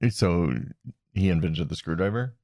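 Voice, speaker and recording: A man's voice: low-pitched, unhurried, darkish tone, dry recording. A man co-hosting a casual chat with wry, dry teasing.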